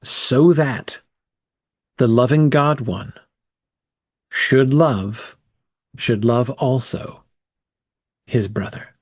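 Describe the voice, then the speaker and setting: A man's voice: medium pitch, very slow, long pauses, dry recording, clean studio sound. A man leading a casual bible study, thinking aloud with frequent "um" and "right?" as he works through the text.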